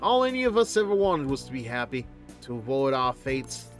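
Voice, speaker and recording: A man's voice: mid-range voice, sing-song, brisk, faint music behind, pitched below the performer's own voice, natural voice. A man voicing an earnest young woman fortune teller, talking solemnly and from the heart, now and then slipping into a blunt country dialect while reading game dialogue aloud on stream. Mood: heartfelt.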